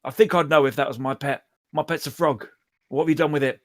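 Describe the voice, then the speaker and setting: A man's voice: a little high, fairly even intonation, quick pace, fairly bright tone. A man running a live-streamed tabletop game as dungeon master, playful and slipping into character voices.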